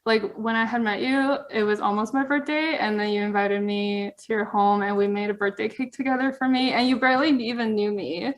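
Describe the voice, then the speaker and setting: A woman's voice: mid-range voice, steady tone, brisk, hardly any pauses. A woman chatting casually as a podcast guest, earnest and rambling, with lots of fillers. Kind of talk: casual chat.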